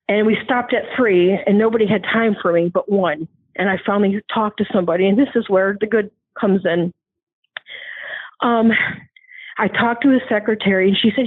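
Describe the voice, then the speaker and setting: A woman's voice: mid-range voice, no echo. A woman earnestly recounting a frightening personal ordeal, often restarting and acting out what others said to her. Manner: earnest, restarts often, acts out quoted voices. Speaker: guest telling her story. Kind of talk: emotional personal testimony. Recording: tinny phone line.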